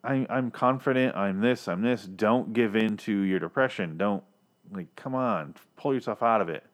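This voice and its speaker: A man's voice: fairly low pitch, moderate pace, natural voice. A man voicing a cocky mirror double who taunts and coaxes his nervous other self. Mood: taunting. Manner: taunting, needling, wheedling. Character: cocky male mirror double urging takeover.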